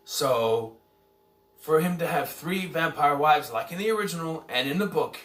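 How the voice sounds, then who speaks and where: A man's voice: mid-range voice, fairly bright tone. A man giving a casual, rambling movie review, often correcting himself and unsure of details. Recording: echoey room, somewhat far from mic.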